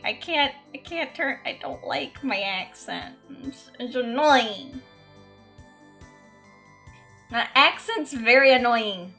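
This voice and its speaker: A woman's voice: on the high side, animated, takes it slowly, pushed and bright, faint music behind. A woman streamer chatting casually while gaming, self-mocking and swearing freely. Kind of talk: casual game streaming chat.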